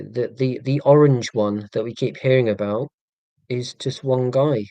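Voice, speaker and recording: A man chatting casually on a live stream in a flat monotone, with a dry, self-deprecating sense of humour. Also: mid-range voice, no room sound. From England. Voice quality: monotone delivery.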